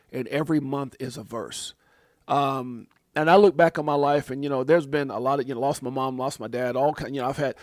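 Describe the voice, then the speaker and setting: A man's voice: medium pitch, a little mellow, no room sound, studio quality. A man hosting a casual crypto livestream, talking in a rambling, heartfelt way with many repeated words and preacher-like phrases.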